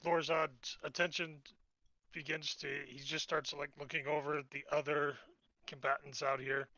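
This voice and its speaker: A man's voice: fairly high pitch, little pitch movement, normal speed, sharp tone, dry recording, dull audio. A man playing a tabletop game, casually and hesitantly describing what his character does. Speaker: player.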